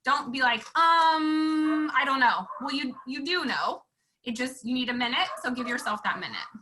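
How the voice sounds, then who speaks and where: Bright, chatty woman instructor. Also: on the high side, lively intonation, fairly quick, slight background noise, poor audio. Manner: chatty and upbeat, acts out quoted lines. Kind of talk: casual teaching chat.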